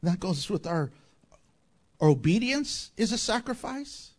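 Slow, high-voiced preaching man. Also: big pitch swings. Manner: preaching with wide swings between loud and hushed. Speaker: pastor. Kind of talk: sermon.

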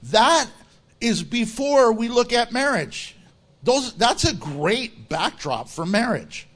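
Man, pastor, lively sermon, high voice, swings up and down a lot, jokes and laughs. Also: takes it slowly. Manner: animated, joking preaching with laughter.

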